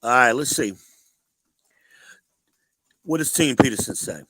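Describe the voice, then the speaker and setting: A blunt, preachy man hosts a livestream and lectures his chat in casual talk. His voice swings up and down in pitch and has a bright, forceful edge. It sits close and dry on the mic. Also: animated, measured pace, long pauses, no echo, low-quality recording. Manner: blunt and preachy, addressing chat viewers directly. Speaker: livestream host.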